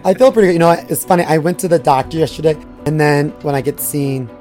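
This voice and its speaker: A man in his thirties, hoarse and nearly voiceless from a sore throat, joking campily as a podcast co-host. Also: on the high side, quick pace, a little mellow, soft background music. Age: 30s. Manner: campy, joking storyteller. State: hoarse, lost voice. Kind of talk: casual comedic chat.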